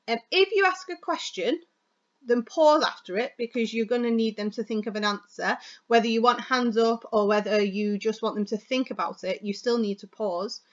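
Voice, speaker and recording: Fast-talking woman teacher, lo-fi. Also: fairly high pitch. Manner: chatty, fast and expressive, stressing words for effect. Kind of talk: classroom lesson on speech delivery.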